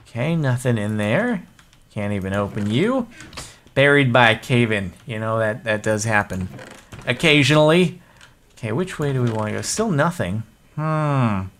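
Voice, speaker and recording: A man's voice: medium pitch, expressive, measured pace, fairly bright tone. Man, gaming host, casual self-mocking commentary. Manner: jokey, self-mocking, chatty.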